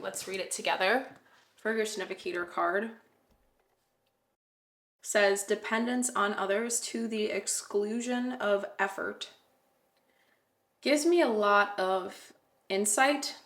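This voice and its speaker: A woman giving a casual, rambling tarot reading, often pausing to correct herself. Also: mid-range voice, a bit bright. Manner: chatty, rambling, self-correcting, with fillers. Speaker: tarot reader. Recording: roomy echo.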